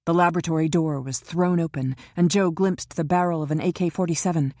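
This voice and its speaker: A woman narrating a crime thriller audiobook in a steady storytelling manner. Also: deep voice, a little fast, hardly any pauses, dry recording, studio quality.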